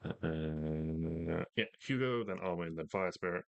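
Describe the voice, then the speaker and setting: A man running a tabletop game as game master, explaining the rules in a relaxed way with many fillers. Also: sits low, slow pace, gravelly, no room sound, highs cut off.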